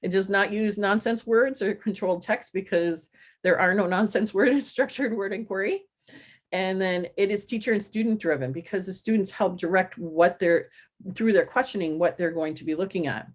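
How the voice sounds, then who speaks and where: A woman teacher giving a presentation on a literacy method, spelling out words letter by letter and adding quick asides. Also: medium pitch. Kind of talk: explanatory presentation.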